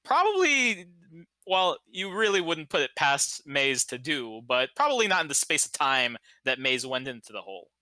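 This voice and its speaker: A man running a tabletop game as game master, relaxed and hesitant, with frequent laughs. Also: fairly high pitch, moderate pace, no room sound.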